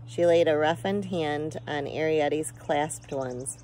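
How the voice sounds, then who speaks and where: A woman narrating a children's storybook chapter aloud in a calm, measured way. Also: deep voice, slight background noise, poor audio. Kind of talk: audiobook narration.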